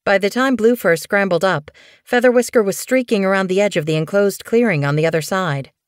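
A woman narrating an animal story audiobook in a clear, measured, scripted reading. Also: medium pitch, no echo, studio quality.

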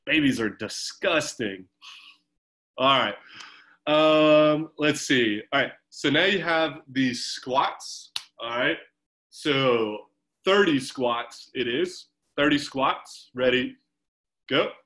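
A man's voice: fairly high pitch, bright, forceful tone, low-quality recording. A man coaching a swim team through a home workout on a video call, giving chatty, encouraging instructions with fillers.

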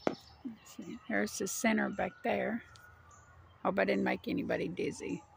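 A woman rambles through a casual walking vlog, a little out of breath. Her mid-pitched voice has a gravelly edge. She was recorded outdoors on a wooded trail with a handheld phone. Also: lively intonation, measured pace, slight background noise. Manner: chatty, rambling, talks sweetly to her dog. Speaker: vlogger walking her dog.

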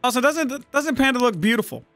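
Bright, lively teasing gamer guy. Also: extremely high pitch, a little fast, soft background music. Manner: teasing, playful, swearing. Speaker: streamer playing an online party game. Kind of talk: casual game chat over voice call.

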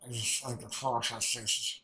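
A man hosting an anime reaction, recapping an episode in a rambling, excitable way and swearing often. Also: medium pitch, unhurried, low-quality recording.

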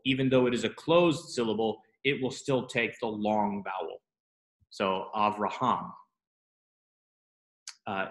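A man's voice: on the low side, fairly bright tone. A man teaching a class, explaining step by step and asking students questions as he goes. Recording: roomy classroom echo.

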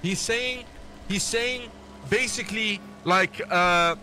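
A young man streaming a game, chatting excitedly and joking, mock-translating foreign phrases. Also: high voice, normal speed. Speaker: gaming streamer. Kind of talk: casual gaming chat.

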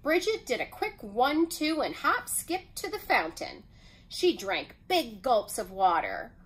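A woman reading a children's picture book aloud as storyteller, in an expressive way. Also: a little high, poor audio. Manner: expressive, unhurried.

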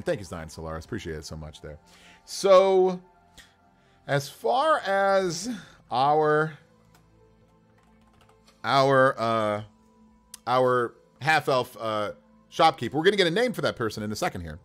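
A man live-streaming as game master, talking through character creation in a rambling, animated way with many fillers. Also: mid-range voice.

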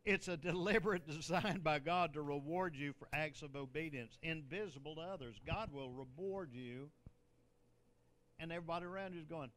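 A man's voice: on the high side, moderate pace, a bit bright. An older man, a bishop, preaching a sermon in a conversational way, with joking asides and laughter.

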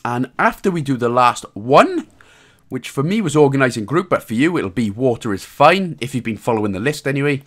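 A man with a Welsh accent giving a casual, joking game walkthrough, swearing a little and calmly repeating his instructions. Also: medium pitch, fairly quick. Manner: irreverent, joking, mild swearing. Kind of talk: casual commentary over gameplay.

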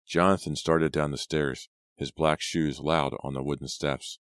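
Deep-voiced male reader for a horror audiobook, measured and dramatic, close and dry. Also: fairly even intonation, fairly bright tone, no echo. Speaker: audiobook narrator. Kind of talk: scripted narration.

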